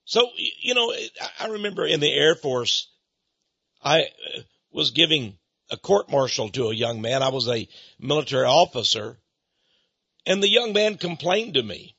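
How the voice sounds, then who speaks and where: A man preaching a sermon, emphatic and deliberate with drawn-out stresses, on a dull lo-fi recording. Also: fairly high pitch, lively intonation, creaky, sharp tone, slightly rough, no room sound. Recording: dull lo-fi sound.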